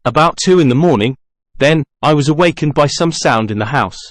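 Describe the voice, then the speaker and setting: A man narrating an audiobook in first person, measured, with dramatic outbursts. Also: fairly high pitch, lively intonation, dry recording, clean studio sound.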